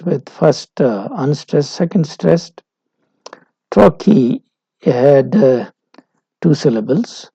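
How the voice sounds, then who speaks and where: A male lecturer, explaining slowly and deliberately, with frequent "uh" pauses. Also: fairly high pitch, gravelly, mellow, breathy edge, no room sound. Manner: measured, explanatory, frequent "uh" fillers. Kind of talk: recorded university lecture. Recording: dull lo-fi recording.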